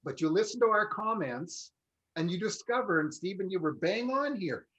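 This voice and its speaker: A man's voice: high voice, sing-song, moderate pace, fairly bright tone, poor audio. A man co-hosting a casual panel chat, telling stories and mimicking salespeople. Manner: chatty, storytelling, mimics salespeople. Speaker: co-host.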